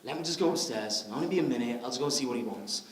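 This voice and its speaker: A man's voice: mid-range voice, animated, rapid-fire, pitched below the performer's own voice, natural voice. Man doing a firm, practical young woman. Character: sensible caring young woman. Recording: echoey hall with crowd.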